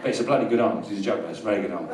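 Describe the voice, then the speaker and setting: A London comedian spins a long, absurd story with dry deadpan timing. He is recorded from a distance in a small live venue, so his voice has a roomy echo. The audience's laughter rolls up clearly behind him. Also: lowish voice, very fast, background noise. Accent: London English. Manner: rambling deadpan storytelling, bursts into loud rants. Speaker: stand-up comedian. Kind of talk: stand-up routine.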